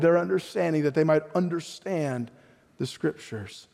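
A man's voice: a little high, moderate pace, vocal fry, darkish tone, long reverb tail. A man preaching a sermon as pastor, emphatic, often putting questions to the congregation. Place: church sanctuary.

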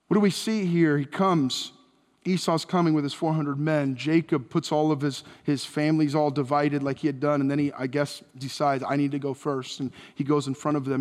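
A man preaching a sermon as pastor, retelling a story with lively acted dialogue that often rises in pitch and volume when he quotes someone. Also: moderate pace. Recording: long hall reverb.

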